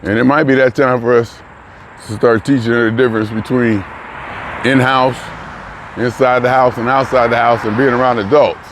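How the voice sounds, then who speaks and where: A man's voice: medium pitch, fairly even intonation, normal speed. An older man vlogging in a casual, musing way, trailing off mid-thought as he reflects aloud. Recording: noisy outdoor traffic. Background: passing cars and street ambience.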